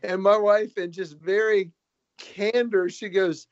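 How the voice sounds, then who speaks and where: A man who is a comedian and author, telling stories as a guest in a casual, animated, joking way. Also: sits high, unhurried, no room sound. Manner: animated, joking, quotes people in their own words. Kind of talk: casual storytelling. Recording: dull, lo-fi recording.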